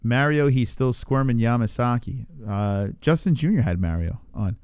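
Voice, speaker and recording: A man's voice: medium pitch, expressive, moderate pace, darkish tone, clear, resonant tone, no echo. Chatty male livestream host, dry sound. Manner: chatty, reads viewer comments aloud and banters. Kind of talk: casual live fight reaction chat.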